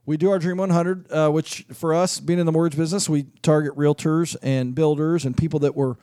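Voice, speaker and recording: A man's voice: fairly high pitch, steady tone, brisk, warm tone, smooth, dry recording. A man who runs a mortgage business, speaking as a guest on a radio talk show in a casual, plainspoken way and laughing easily, on a studio microphone.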